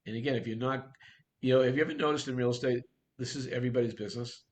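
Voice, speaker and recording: Fast, blunt man coaching a workshop. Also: medium pitch, fairly even intonation, darkish tone. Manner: brisk, blunt, full of rhetorical questions. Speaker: real estate sales coach. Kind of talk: workshop talk to agents.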